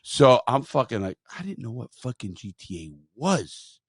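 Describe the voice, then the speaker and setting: A man hosting a podcast, telling stories in a profane, animated way and quoting others as he goes. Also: medium pitch, normal speed, slightly rough, no room sound, studio quality. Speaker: podcast host. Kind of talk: casual storytelling chat.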